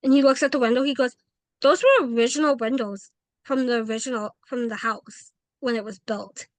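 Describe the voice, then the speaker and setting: Brief: woman guest, fairly high voice, chatty storyteller who acts out every quote, dry close sound. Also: a little fast, dry recording. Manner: animated, acts out quoted dialogue, frequent "like". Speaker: paranormal investigator, guest. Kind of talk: casual interview storytelling.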